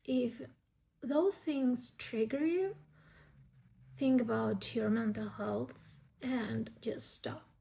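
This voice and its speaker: Slow-talking, gravelly woman book vlogger. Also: on the high side, mellow, a little hiss or hum. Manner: candid, heavy swearing, restless. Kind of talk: casual reading vlog.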